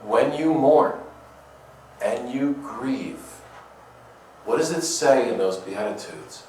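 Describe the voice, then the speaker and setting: A man's voice: mid-range voice, lively intonation, takes it slowly, darkish tone, a little hiss or hum. A man giving a conversational homily, full of rhetorical questions and playful asides, often repeating his words as he goes. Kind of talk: conversational sermon. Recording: very echoey room, distant mic.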